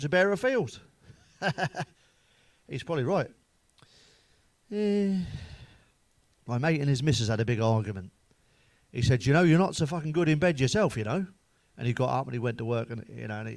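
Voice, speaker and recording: A man's voice: mid-range voice, no room sound. A man telling crude jokes straight to camera, swearing freely and laughing at his own punchlines. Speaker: comedian.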